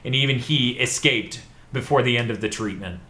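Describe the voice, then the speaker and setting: A man co-hosting a casual podcast, talking in an animated, profane way. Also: medium pitch, moderate pace. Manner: animated, profane, bursts of laughter. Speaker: podcast co-host. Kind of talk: casual review chat.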